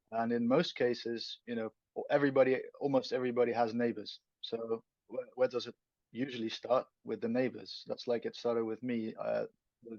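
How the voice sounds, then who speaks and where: A man's voice: mid-range voice, a little mellow, no room sound. A man with a Dutch accent, a native Dutch speaker, answering interview questions thoughtfully and searching for his words. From Netherlands. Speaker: guest. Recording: dull lo-fi dry sound.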